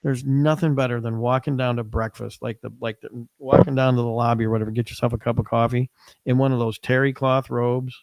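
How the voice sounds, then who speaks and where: A man's voice: mid-range voice, little pitch movement, fairly quick, a little mellow, no echo. A man co-hosting a podcast, chatting casually and rambling with lots of restarts. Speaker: podcast co-host. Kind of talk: casual chat.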